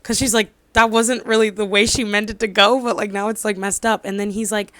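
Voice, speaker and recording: A woman's voice: medium pitch, level tone, fairly quick, fairly bright tone, dry recording. A woman in her twenties casually recapping a drama, rambling with lots of fillers and losing track of details. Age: 20s. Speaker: drama reviewer.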